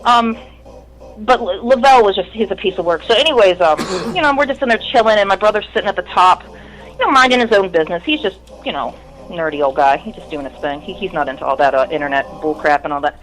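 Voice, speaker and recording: A woman's voice: medium pitch, quick pace, poor audio. A woman in her thirties, a musician guest in an interview, telling a long story in a candid, rambling, profane way.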